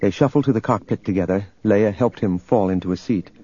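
A man narrating an audiobook in a steady, measured reading. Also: fairly low pitch, slightly rough, dull audio. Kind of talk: scripted narration.

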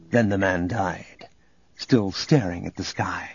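A man narrating an audiobook in a dramatic, lively reading. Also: on the low side, a little fast. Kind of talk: scripted narration. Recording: dull audio under loud music.

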